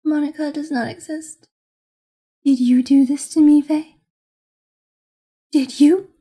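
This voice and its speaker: A woman voicing a sweet, intense teenage girl who is a club president, reading game dialogue softly and affectionately. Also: sits high, steady tone, slow pace. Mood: desperate. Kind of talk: reading visual novel lines aloud.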